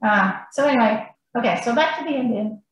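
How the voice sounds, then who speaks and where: Animated woman telling a story in an echoey room. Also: on the high side, a little fast. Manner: animated, rambling, laughs between lines. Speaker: podcast guest. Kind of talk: casual storytelling. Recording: very echoey room, faint noise.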